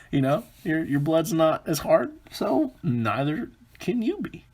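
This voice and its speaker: Husky-voiced rambling male podcast host. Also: on the high side, big pitch swings, slow, darkish tone. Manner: rambling, self-interrupting, jokey. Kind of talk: comedic solo podcast monologue.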